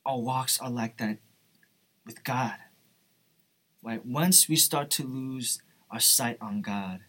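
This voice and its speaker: A man's voice: medium pitch, slow, fairly bright tone. A young man giving an earnest, informal devotional talk, often asking "right?" and "you know". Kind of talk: informal sermon.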